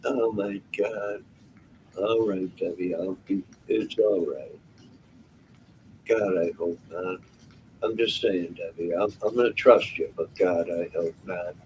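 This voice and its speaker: This low, slightly mellow male voice moves slowly over poor audio with a bit of hiss or hum. He's a livestream host reading his chat aloud, answering with jokes, exclamations and plenty of laughter.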